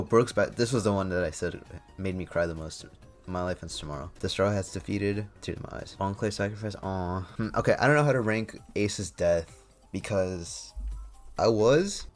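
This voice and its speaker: A man giving casual tier-list commentary, rambling and slangy, often stopping to correct himself. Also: low-pitched. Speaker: YouTuber ranking anime items.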